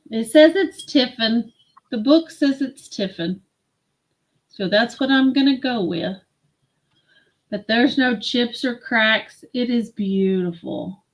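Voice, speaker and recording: A woman hosting a live-stream vintage sale, slowly admiring and describing glassware. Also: a little high. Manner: slow, admiring product descriptions.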